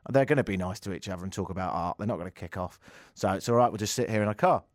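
A man putting on the voice of bored male police officers who can't be bothered, in a low mumbling drawl. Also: rapid-fire, no room sound, clean studio sound, close to an everyday voice.

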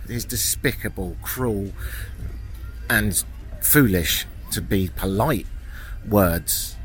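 Speaking slowly in a fairly low voice, a British man from Britain walks through a small mountain town while vlogging. His monologue is chatty and wry, earnest at times, with some swearing, all in British English.

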